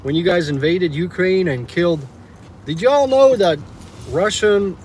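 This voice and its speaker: Streaming from his car between rideshare drives, this man has a high, darkish voice with lively intonation and an unhurried pace. He chats casually with viewers and rants with irritation and profanity. There's a little hiss or hum, plus background music.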